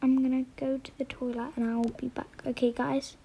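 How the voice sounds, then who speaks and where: A woman's voice: sits high, little pitch movement, normal speed, vocal fry, noisy background. A woman vlogger talking through a role-play to her viewers, often dropping to a whisper.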